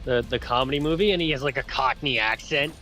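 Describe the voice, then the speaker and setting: A man's voice: medium pitch, fast talker, over music. Distracted rambling man. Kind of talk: casual gaming chat.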